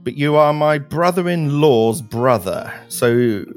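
A man's voice: fairly high pitch, slow pace, soft background music. A man in his late thirties hosting a tabletop gaming podcast in casual, chatty talk. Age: late 30s. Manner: chatty, animated, laughs easily. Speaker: podcast host and game master. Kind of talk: casual chat.

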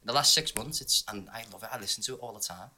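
Give me a man with a piercingly bright voice, chatting loosely as a podcast guest. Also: fairly low pitch, very fast. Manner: rambling, loose storytelling with fillers. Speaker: guest singer. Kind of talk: casual podcast chat.

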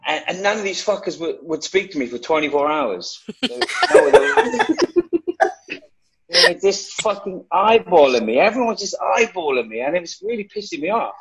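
A man's voice: fairly high pitch, fairly quick, breathy edge, low-quality recording. Profane man telling a story animatedly. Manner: profane, animated storyteller acting out shouted lines. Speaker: actor on a reunion panel. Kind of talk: casual anecdote.

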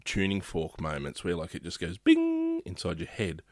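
Very deep-voiced Australian man, dry sound. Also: huge pitch swings, normal speed, darkish tone, no room sound. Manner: rambling, restarts often, laughs easily. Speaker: podcast host. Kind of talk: casual podcast chat.

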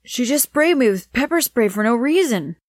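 A woman's voice: lowish voice, expressive, brisk, dry recording, studio quality, close to an everyday voice. A woman narrator voicing a kind man who is hurt yet forgiving. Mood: pained. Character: kind startled male shopper.

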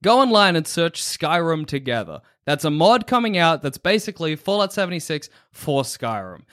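A man's voice: on the high side, very animated, moderate pace, fairly bright tone. A man hosting a casual podcast chat, joking and laughing often. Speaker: podcast host.

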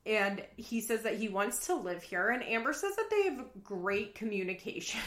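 A woman's voice: medium pitch, animated, normal speed, fairly bright tone, echoey room. Chatty sarcastic woman podcast host. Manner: chatty, sarcastic, swears freely. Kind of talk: casual recap podcast.

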